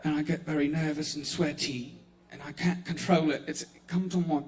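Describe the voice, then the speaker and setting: A man's voice: fairly high pitch, steady tone, normal speed, lightly acted. A man doing a stammering nervous bookstore clerk. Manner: stammering, timid, soft-spoken. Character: shy nervous male bookstore clerk, awkward.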